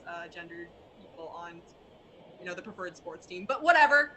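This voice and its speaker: A woman's voice: lowish voice, animated, moderate pace, sharp tone, a little hiss or hum, rough recording. A woman guest on a talk show, chatting casually with wry, joking asides. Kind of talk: casual chat.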